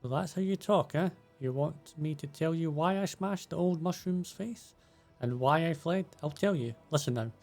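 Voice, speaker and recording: A man reading the lines of a fierce young female barbarian warrior aloud from game subtitles, keeping his own gravelly voice. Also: on the high side, normal speed, a little mellow, soft background music. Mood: bitter.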